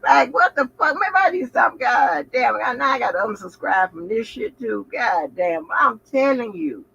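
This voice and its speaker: A woman hosting a reaction commentary channel, profane and animated, talking back at the clips she plays. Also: on the high side, moderate pace, creaky, breathy edge. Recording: muffled with faint background noise.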